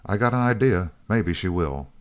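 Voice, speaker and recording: A man reading the lines of a hard male outlaw chief in a gruff, blunt way. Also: low-pitched, lively intonation, moderate pace.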